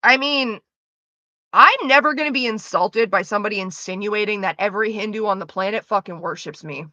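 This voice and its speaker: A woman's voice: medium pitch, brisk, sharp tone, no room sound, highs cut off. A woman streamer chatting casually with her viewers, profane, sarcastic and ranting. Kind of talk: casual chat.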